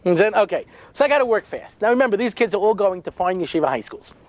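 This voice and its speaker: A rabbi giving a humorous storytelling talk, full of dry sarcasm and frequent "you know" asides. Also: male voice, sits high, animated, quick pace, no echo.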